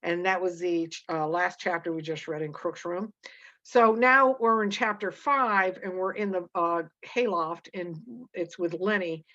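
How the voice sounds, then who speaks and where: Low-voiced lady teaching a book, lots of uh and restarts, kinda muffled lo-fi sound. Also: steady tone, fairly bright tone. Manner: halting, many fillers and restarts. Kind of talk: explaining and reading a novel aloud.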